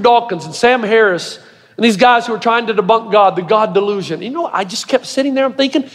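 High-voiced man preaching in a hall. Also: brisk. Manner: emphatic, swings to shouted points. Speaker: pastor. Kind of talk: sermon to a live congregation. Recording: long hall reverb.

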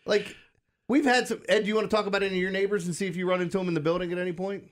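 A man's voice: high-pitched, racing. A man co-hosting a morning sports radio show, telling odd news stories in an incredulous, laughing way. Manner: incredulous, laughing, animated storytelling. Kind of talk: casual morning radio banter.

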